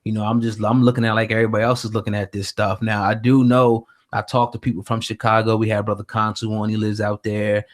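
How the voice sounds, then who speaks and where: A man hosting an online news chat, speaking in a measured way with many fillers. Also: lowish voice, flat delivery. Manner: hesitant, lots of fillers, measured. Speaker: host. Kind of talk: casual news commentary.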